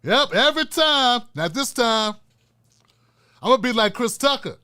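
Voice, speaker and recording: A man's voice: very high voice, expressive, normal speed, bright, forceful tone, clear, resonant tone. An older man hosting a profane, fiery political rant with a preacher-like cadence. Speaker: political commentator host. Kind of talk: ranting political commentary.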